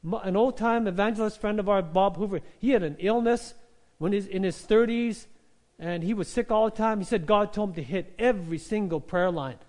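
A male pastor preaching an animated sermon. He calls out to the congregation for an "Amen" and acts out quotes as he goes. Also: sits high, fairly quick.

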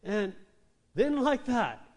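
A man with a high voice preaches with animated energy. He tells his story vividly and acts out the people in it. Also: slow pace. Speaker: pastor. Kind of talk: sermon.

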